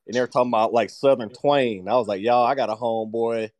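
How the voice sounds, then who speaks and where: A man co-hosting a podcast, chatting casually and laughing often as he tells a story in relaxed slang. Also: medium pitch, fast. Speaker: podcast co-host. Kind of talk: casual chat.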